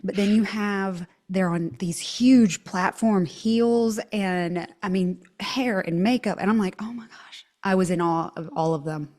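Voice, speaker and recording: A woman's voice: mid-range voice, measured pace, few pauses, darkish tone. A woman with a Southern US twang hosting a podcast interview, gushing and enthusiastic. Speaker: podcast host. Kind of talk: casual interview chat.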